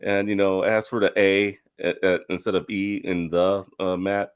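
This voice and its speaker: A man's voice: low-pitched, little pitch movement, normal speed, clear, resonant tone. Upbeat man hosting a gaming podcast. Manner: upbeat, playful introductions. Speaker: podcast host. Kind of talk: casual podcast chat.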